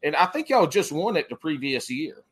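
A man's voice: a little high, sing-song, breathy edge. A man, a podcast host talking in loose, profane, rambling casual chat. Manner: rambling, profane, quick to laugh.

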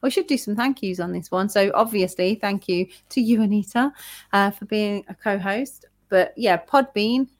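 A woman co-hosting a podcast in casual chat, talking quickly with lots of fillers and restarts. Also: medium pitch, dry recording. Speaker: podcast co-host.

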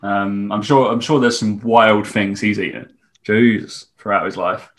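A man's voice: lowish voice, steady tone, measured pace. A man in a casual podcast chat, joking and laughing often.

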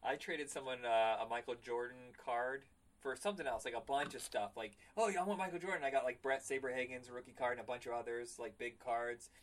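A man's voice: mid-range voice, fairly even intonation, brisk, recorded from a distance, a little hiss or hum, poor audio. A man in casual chat telling childhood stories wryly, mocking himself and swearing freely. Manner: wry, self-mocking storytelling.

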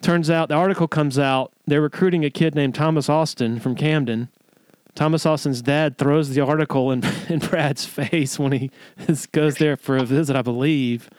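Smooth high-voiced man, animated. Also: moderate pace, no room sound. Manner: animated, laughs often mid-story. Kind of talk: storytelling podcast chat.

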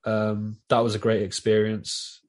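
Here a man with a South East London accent talks casually as a podcast guest, rambling and cursing freely. He has a fairly low, monotone voice and speaks a little slowly.

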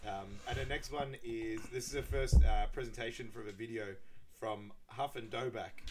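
A man's voice: medium pitch, fairly even intonation, normal speed, heavy background noise. A man co-hosting a podcast, recapping a film in casual chat and acting out quoted lines in raised voices. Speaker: podcast co-host.

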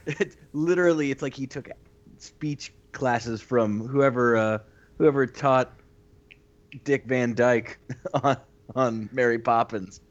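A man's voice: medium pitch, takes it slowly, dull audio. A man co-hosting a podcast, teasing and wisecracking in casual chat. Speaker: podcast co-host.

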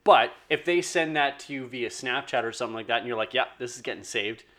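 A man's voice: mid-range voice, fast talker, bright, forceful tone. A man co-hosting a casual chat, reasoning things through and often repeating words as he starts. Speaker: podcast co-host.

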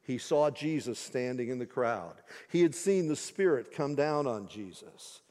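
A man preaching a sermon, telling stories with big, excited jumps in his voice, then slowing to hushed, weighty emphasis. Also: mid-range voice, big-room sound. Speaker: pastor.

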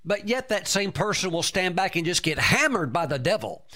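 Guy preaching a sermon, slightly high voice, keeps repeating himself and shouting praise lord, hallelujah. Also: sing-song, moderate pace. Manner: emphatic, with frequent exclamations of praise; repeats words and restarts often.

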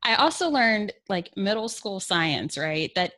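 A woman's voice: medium pitch, big pitch swings, measured pace, sharp tone. A middle-aged woman from Kentucky with a Southern accent, chatting candidly and playfully as a podcast guest, often laughing. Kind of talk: frank casual chat.

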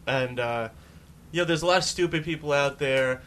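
A man's voice: on the high side, normal speed, fairly bright tone. A man co-hosting a podcast in casual banter, laid-back and joking, often restarting his sentences. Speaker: podcast co-host.

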